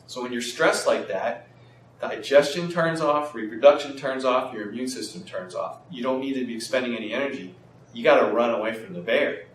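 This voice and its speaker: A man being interviewed as a health practitioner, explaining in an animated way and acting out bits of dialogue. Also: medium pitch, brisk. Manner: animated, acts out quoted dialogue. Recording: echoey room, mic at a distance, faint noise.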